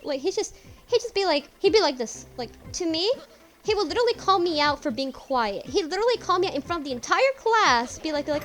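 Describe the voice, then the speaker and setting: A woman's voice: sits high, animated, quick pace. A young woman chatting casually while streaming a game, rambling, repeating herself and swearing often. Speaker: gaming streamer. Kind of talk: casual let's-play chat.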